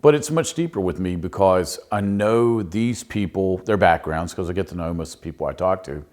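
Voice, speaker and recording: Brief: pastor in his middle years, low voice, relaxed anecdotal podcast monologue. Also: normal speed. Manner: folksy, anecdotal storytelling with restarts. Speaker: pastor and consultant.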